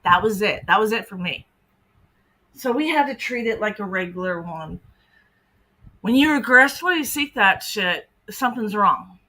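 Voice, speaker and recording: A woman talks bluntly on a livestream with a bright, forceful tone. She sounds indignant and drops casual swears. She is a decoy for a predator-catching group. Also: medium pitch, lively intonation, normal speed, poor audio. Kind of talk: livestream commentary.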